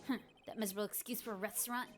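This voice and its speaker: A woman voicing a grouchy, scolding old man as she reads video game dialogue aloud in a gruff, indignant rant. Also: medium pitch, steady tone, very fast, soft background music, natural voice. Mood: grumbling.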